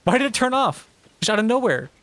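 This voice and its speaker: Lively young male streamer, exasperated. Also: extremely high pitch, a little fast, faint music behind. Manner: frustrated, exclaiming and swearing at the game; talks back to chat. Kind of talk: live gameplay commentary.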